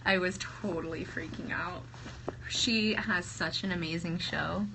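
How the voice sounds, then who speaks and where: A woman in her thirties gushing excitedly to livestream viewers, talking to them by name, her throat sore from singing. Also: on the low side, unhurried, creaky. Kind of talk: casual livestream chat. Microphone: phone held at arm's length. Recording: phone livestream with faint ambient noise.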